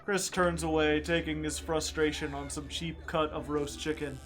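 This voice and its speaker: A man streaming a game, reading its story text aloud in a quiet voice and breaking off for joking asides to chat. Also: on the high side, flat delivery, moderate pace, soft background music.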